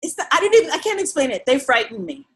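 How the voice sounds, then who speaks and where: A woman telling stories in animated casual chat, laughing often and swinging between loud outbursts and soft asides. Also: sits high, fast talker.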